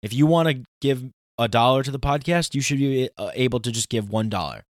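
A man's voice: medium pitch, a little fast, dry recording, studio quality. A man hosting a podcast, talking in a casual, ranting monologue with emphatic outbursts. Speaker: podcast host.

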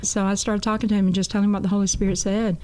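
A woman's voice: medium pitch, little pitch movement, rapid-fire, darkish tone. A woman guest on a talk show, telling her testimony in an earnest, folksy way and often repeating "I said.". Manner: earnest, folksy storytelling with a lot of "I said".

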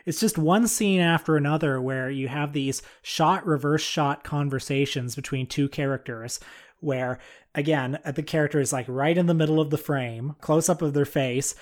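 A man co-hosting a film podcast, explaining and framing topics in a measured, casual way. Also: mid-range voice. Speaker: podcast co-host.

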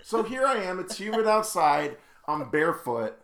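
Bright-voiced man telling stories animatedly. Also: high-pitched, moderate pace, roomy sound. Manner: animated, laughs through his own stories. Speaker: podcast co-host. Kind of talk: casual chat, storytelling.

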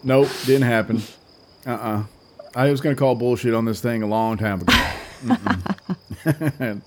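A man's voice: mid-range voice, lively intonation, a little slow, slight background noise. A man hosting a podcast, chatting in a playful, teasing way and reading an article aloud. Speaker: podcast host.

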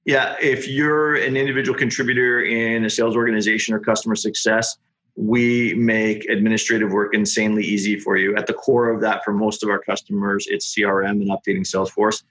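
A middle-aged man, a startup founder, telling his story in a casual podcast interview with quick, animated delivery. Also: fairly low pitch. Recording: dull lo-fi sound.

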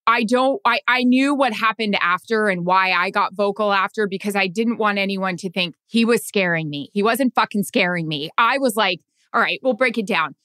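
A woman co-hosting a podcast, animated and swearing freely as she acts out what people said. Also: mid-range voice, normal speed, hardly any pauses, no room sound, studio quality. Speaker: podcast co-host. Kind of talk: casual chat.

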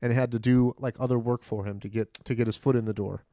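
Man, middle pitch, deadpan, casual banter, dry sound. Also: quick pace, no echo. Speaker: podcast co-host.

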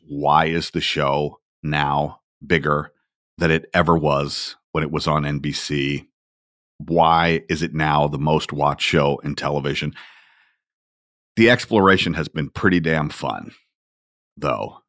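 A man's voice: rumbling low, measured pace, fairly bright tone, no echo, clean studio sound. A middle-aged man hosting a podcast, chatty and self-deprecating as he tells stories. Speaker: podcast host. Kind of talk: conversational podcast talk.

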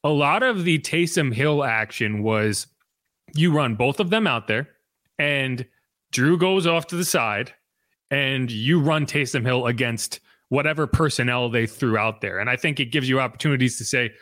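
Brisk man hosting a sports podcast, dry sound. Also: medium pitch, fairly bright tone, no room sound. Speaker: podcast host.

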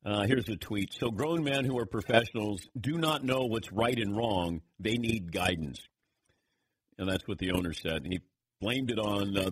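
A man hosts a sports talk radio show with a slightly husky voice. His pitch swings widely as he jokes and mocks in a sarcastic, chatty way. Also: a bit bright. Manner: sarcastic, laughs often, mock voices.

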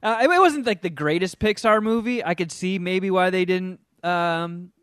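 A man co-hosting a casual podcast, telling a film's story with animated energy and now and then hamming up silly voices. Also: sits high, moderate pace, clean tone, dry recording, clean studio sound. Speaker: podcast co-host reviewing a film. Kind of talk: casual chat.

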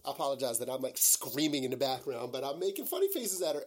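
A man's voice: medium pitch, big pitch swings, fast talker. A man hosting his own podcast, talking in a casual, rambling monologue full of "like" and "you know" and turning openly emotional. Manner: gushing and emotional. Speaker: podcast host.

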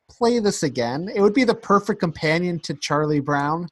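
A man's voice: a little high, expressive, moderate pace, few pauses. A man co-hosting a casual podcast chat, laughing often as he retells scenes. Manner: laughs often while acting out quotes. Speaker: podcast co-host.

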